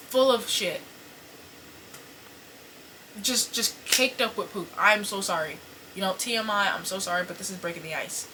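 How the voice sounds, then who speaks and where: Young woman host, casual confessional storyteller, bright edgy tone, filler-heavy and crude, small home room. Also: mid-range voice, a little hiss or hum, rough recording. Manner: animated, profane, apologetic, lots of fillers. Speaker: podcast host. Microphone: camera set up in front of her.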